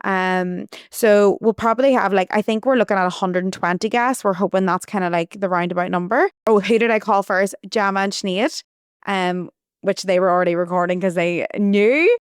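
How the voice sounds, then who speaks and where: A young woman talks through a story on her podcast, rambling and restarting as she goes. Her voice is smooth and clear, recorded close and dry. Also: medium pitch, moderate pace, dry recording. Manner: chatty, rambling, with frequent restarts and "like". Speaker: podcast host. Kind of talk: casual storytelling monologue.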